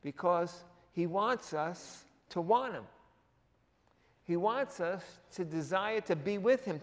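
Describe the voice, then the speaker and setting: Lively man preaching in a reverberant hall. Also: sits high. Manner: animated, jokey, with asides and laughs. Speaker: pastor. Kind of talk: sermon. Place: church hall.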